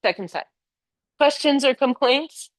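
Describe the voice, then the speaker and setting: Older woman, yoga teacher, slightly high voice, encouraging and chatty, dry close sound. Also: expressive, a little slow, no echo. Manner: encouraging, praises students by name. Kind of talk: live yoga class instruction. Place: yoga studio.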